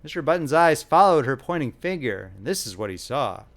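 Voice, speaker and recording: A man's voice: mid-range voice, big pitch swings, fairly quick, a bit bright. A man narrating a classic short story as an audiobook, telling it expressively.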